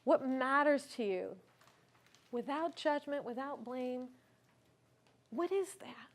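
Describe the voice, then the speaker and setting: A woman's voice: high-pitched, expressive, slow. A woman speaking at a conference, telling a personal story in an earnest, reflective way and asking the audience questions. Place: conference stage.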